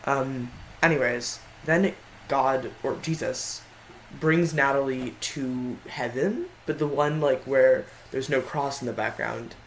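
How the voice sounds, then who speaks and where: A man talking through a ranked list in a loose, rambling way, stumbling over his words and correcting himself as he goes. His pitch is mid-range, and faint background noise sits under the voice. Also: fairly even intonation, slow pace, a bit bright, rough recording. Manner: rambling, frequent self-corrections. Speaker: video creator. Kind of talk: casual tier-list commentary.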